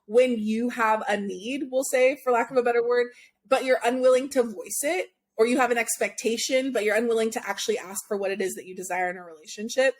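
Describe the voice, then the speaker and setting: Relaxed young woman interviewer. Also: a little high, a little fast. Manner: relaxed, reflective, uses lots of "like". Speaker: podcast interviewer. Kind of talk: casual conversational interview.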